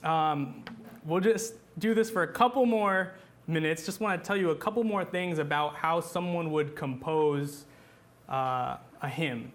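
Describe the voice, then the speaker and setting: A man with a somewhat raised voice teaches a class at an unhurried pace. He explains things patiently, stopping and restarting often. Now and then he sings short phrases as examples. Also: a little high, fairly bright tone. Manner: patient, halting, with many fillers and restarts. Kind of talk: classroom lesson on chant.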